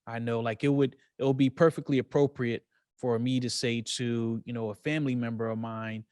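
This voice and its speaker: A man co-hosting a casual podcast, explaining things in a measured way and thinking aloud with plenty of fillers. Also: medium pitch, little pitch movement, darkish tone, clean tone, no echo, studio quality. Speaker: podcast co-host. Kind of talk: casual real estate podcast chat.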